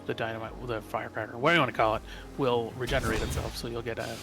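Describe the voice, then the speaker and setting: A man with a mid-range voice explains a game run for viewers in a relaxed, dry way. Faint music and keyboard typing sit behind him. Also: mid-range voice, very fast. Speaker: run commentator. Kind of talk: live commentary on a speedrun.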